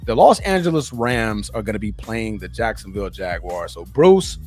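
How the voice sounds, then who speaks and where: Excitable American man talking football. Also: on the low side, normal speed, soft background music. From United States. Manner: excitable, laughs a lot, fan banter. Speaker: podcast co-host. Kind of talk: casual sports podcast chat.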